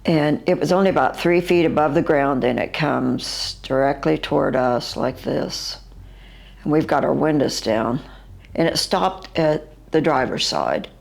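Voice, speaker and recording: An older woman with a West Virginian accent, recounting her own encounter as an eyewitness in a halting, vivid way, with fillers and restarts. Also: sits low, gravelly.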